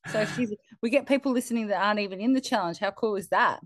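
A woman's voice: mid-range voice, fast, no echo, studio quality. A woman co-hosting a fitness podcast as a coach, bubbly and chatty. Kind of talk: casual podcast chat.

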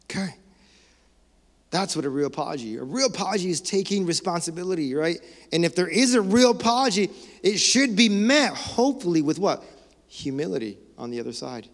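A man preaching a sermon as pastor, animated and conversational, acting out excuses and laughing now and then. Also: high voice, fairly quick. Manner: animated, mock-quotes excuses, laughs often. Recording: long hall reverb.

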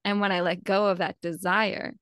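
A woman hosts a casual interview at a middle pitch, affirming her guest and adding quick, encouraging replies. Her voice sounds close and dry, with no room echo. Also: level tone, clear, resonant tone. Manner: warm, affirming, quick with back-channel replies. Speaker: podcast host.

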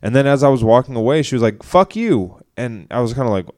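A man's voice: mid-range voice, racing. Young man telling a rambling story. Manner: rambling, animated retelling with quoted voices. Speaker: podcast co-host. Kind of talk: casual storytelling chat.

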